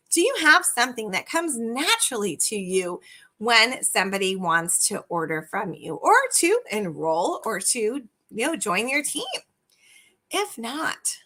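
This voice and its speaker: Casting: middle-aged woman, sales coach, high bright voice, peppers the listener with questions. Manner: animated, asks the viewers many direct questions. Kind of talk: live video coaching talk.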